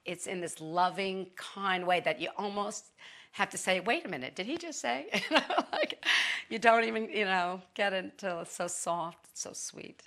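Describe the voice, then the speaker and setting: A middle-aged woman chatting as an interview guest, lively and full of restarts. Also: medium pitch, measured pace. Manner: chatty, animated, with many restarts. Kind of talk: casual testimony.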